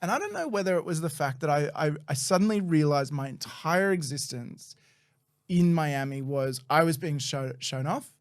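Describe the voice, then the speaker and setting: A young man on a podcast, telling a story in a casual, animated way, with a lot of swearing. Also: a little high, normal speed. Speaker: podcast guest.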